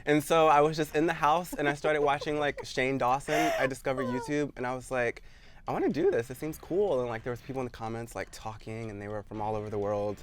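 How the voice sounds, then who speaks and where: A man's voice: mid-range voice, level tone, quick pace, few pauses, slight background noise. A young man from Missouri, a guest chatting in a casual interview, telling stories with lots of likes. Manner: chatty storyteller, many likes. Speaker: guest YouTuber.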